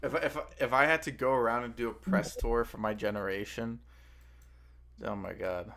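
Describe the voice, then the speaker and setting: A man's voice: medium pitch, steady tone, normal speed, a bit bright. A young man co-hosting a stream, chatting casually in a laid-back, slangy way with lots of filler words. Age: young adult. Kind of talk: casual chat.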